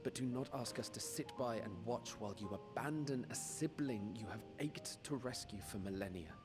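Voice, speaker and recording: A man's voice: mid-range voice, normal speed, natural voice. A man voicing a loyal, earnest male guard commander who speaks fervently, in a game cutscene with music behind. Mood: urging. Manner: earnest, fervent, sometimes dropping to a hush.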